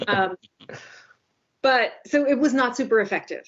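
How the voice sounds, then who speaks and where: A woman in her forties chats on a podcast, telling a story in a wry, self-mocking way full of quick asides. Her voice sits in a middle pitch. The audio is a little dull and lo-fi. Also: slight background noise. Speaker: newspaper podcast co-host. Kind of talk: casual podcast chat.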